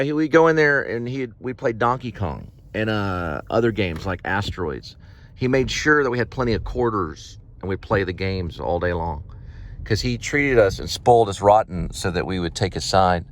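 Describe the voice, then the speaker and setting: A man's voice: on the low side, moderate pace. A man talking in a rambling, meandering way while driving around, reminiscing as he goes. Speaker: vlogger.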